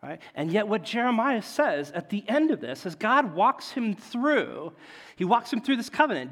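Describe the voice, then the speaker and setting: A man preaching a sermon as a pastor, in a conversational way, often checking in with "right?" and swinging between loud emphasis and quiet asides. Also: sits high, big pitch swings, moderate pace. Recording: long hall reverb.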